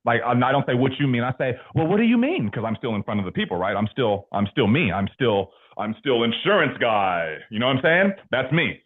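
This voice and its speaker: A young man from California in his twenties, giving a motivational sales team talk as an animated, slangy storyteller. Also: mid-range voice, a little fast, hardly any pauses. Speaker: insurance sales trainer. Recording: tinny phone-like sound.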